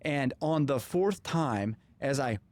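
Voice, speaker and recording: A man hosting a podcast, telling a personal story in an animated way and acting out the dialogue. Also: mid-range voice, takes it slowly. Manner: animated, acts out quoted dialogue. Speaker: podcast host. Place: podcast studio.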